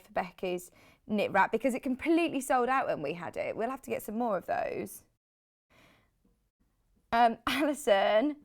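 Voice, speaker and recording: A British woman hosting a live TV shopping show, chatty and rambling, with lots of asides. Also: a little high. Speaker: shopping channel host.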